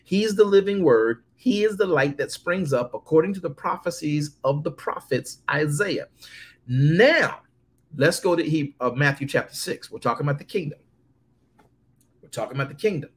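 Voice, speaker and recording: A man preaching a sermon, reading scripture slowly and calling out to his congregation. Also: on the high side, lively intonation, breathy edge. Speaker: pastor.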